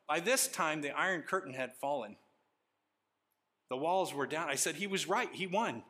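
Middle-aged male pastor, sermon delivery, fairly high, bright and forceful voice, animated storyteller. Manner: animated storytelling preacher, reads scripture aloud.

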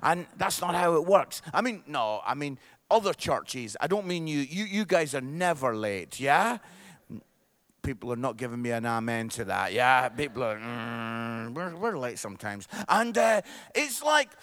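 A middle-aged Scottish man preaching a sermon as pastor, lively and jokey with the congregation, often checking in with "yeah?". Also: fairly high pitch, moderate pace. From Scotland.

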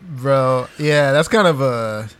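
A man's voice: medium pitch, animated, slow pace, a bit bright, clean tone. A man in his thirties co-hosting a podcast, talking in a laid-back way and swearing casually. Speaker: podcast co-host. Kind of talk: casual chat.

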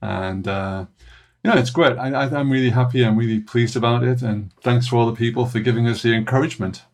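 A man's voice: medium pitch, fairly even intonation, a little mellow. A man with a British accent, a podcast panelist chatting casually, full of laughs and stop-start phrasing. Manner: chatty, laughing, halting restarts.

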